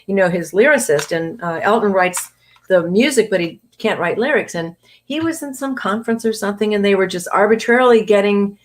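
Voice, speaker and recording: A woman from New England talking as a voice actor guest in a casual interview, chatty and animated, laughing often. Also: mid-range voice, a little fast.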